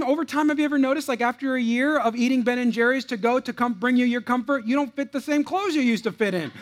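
A man's voice: very high voice, a bit bright. A male pastor preaching a sermon in a playful, joking way, often restarting and repeating words as he talks to the congregation.

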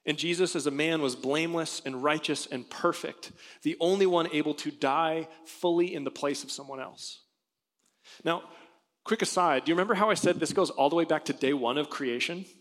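A man's voice: a little high, normal speed. Preaching man in a reverberant sanctuary. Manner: earnest, conversational preaching with rhetorical questions. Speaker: pastor. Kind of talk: sermon. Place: church sanctuary. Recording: long hall reverb.

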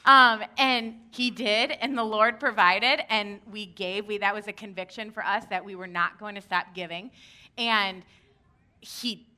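Lively, bright-voiced female preacher. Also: mid-range voice, a little slow. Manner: lively, candid storytelling. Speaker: pastor. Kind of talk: sermon.

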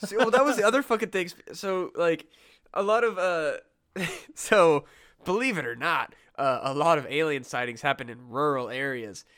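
A man's voice: on the high side, normal speed, a bit bright. A man co-hosting a casual comedy podcast, swearing freely, laughing often and acting out his own reactions. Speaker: podcast co-host.

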